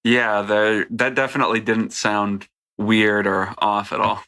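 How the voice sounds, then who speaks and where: A man's voice: lowish voice, level tone, unhurried, pushed and bright. An American man co-hosting a casual podcast, making dry, wry jokes. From United States. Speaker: podcast co-host.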